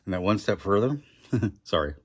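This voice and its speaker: A man's voice: fairly low pitch, expressive, moderate pace, husky. A middle-aged man rambling through a casual food review vlog, chatty and self-deprecating, talking with his mouth full.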